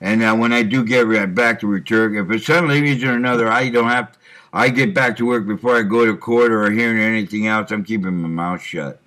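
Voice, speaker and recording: A middle-aged man with a somewhat low voice rambles to himself in a self-recorded monologue. He talks like a working truck driver, stopping for fillers and clearing his throat often. He speaks into a computer microphone. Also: fairly quick, fairly bright tone.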